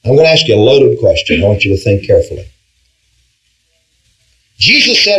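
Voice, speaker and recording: A man leads a Bible study class in a fairly high voice that rises and falls with lively movement. He keeps putting questions to his listeners and leans hard on key words, often restarting a phrase and checking in with "all right". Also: moderate pace, pauses often, rough recording. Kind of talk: interactive Bible class teaching.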